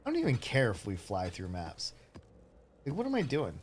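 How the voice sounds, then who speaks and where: A man's voice: medium pitch, wildly swooping pitch, moderate pace, slight background noise. A man streaming a game, chatting casually in a rambling way that keeps breaking off and often turns into laughter. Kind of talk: casual live-stream chat.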